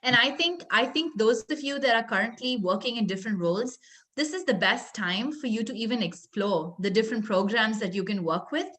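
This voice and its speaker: A woman giving closing remarks as a guest presenter in a webinar, speaking in a friendly, advising way with soft fillers, heard over a video call. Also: a little high, fairly quick.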